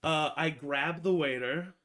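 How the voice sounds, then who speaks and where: A man's voice: fairly high pitch, unhurried, pushed and bright. A young man playing in a tabletop game, giggling and boasting in character. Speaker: player. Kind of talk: tabletop role-play, casual.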